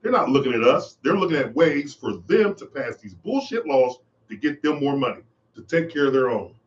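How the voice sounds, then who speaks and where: A man's voice: medium pitch, big pitch swings, moderate pace, lo-fi sound. A man hosting his own podcast, giving an impassioned, preachy monologue and repeating his phrases for emphasis. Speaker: podcast host. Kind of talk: monologue commentary.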